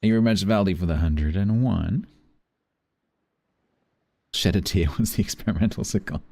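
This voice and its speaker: A man's voice: sits low, moderate pace, vocal fry, mellow. A man streaming a naval game, chatting casually and thanking viewers as he plays. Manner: chatty, thanks viewers between play remarks. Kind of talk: casual live-stream chat.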